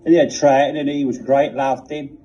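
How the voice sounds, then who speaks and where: A man's voice: mid-range voice, flat delivery, brisk, dark tone. A man hosting a mock chat show in a rambling, casual way, with offhand asides. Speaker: comedy show host. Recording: dull lo-fi recording.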